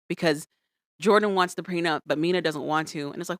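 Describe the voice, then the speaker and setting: A woman's voice: on the low side, a little fast, no room sound, clean studio sound. A woman co-hosting a podcast, recapping reality shows in casual chat and acting out what people said with playful voices. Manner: animated, acts out quotes with playful voices. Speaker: podcast co-host.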